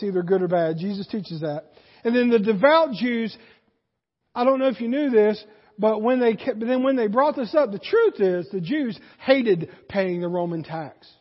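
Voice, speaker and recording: A man with a very high voice preaching a sermon, pushing his lines up with force and then sinking low to make a point. The sound is dull and carries a long church reverb. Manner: animated preaching, rising in force and dropping low for emphasis. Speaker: pastor.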